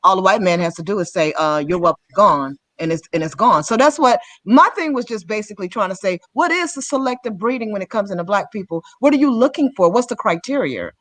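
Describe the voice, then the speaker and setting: A woman on a livestream panel laying out her opinions in a measured, steady way. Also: medium pitch, no room sound. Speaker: panel guest. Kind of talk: casual livestream panel chat.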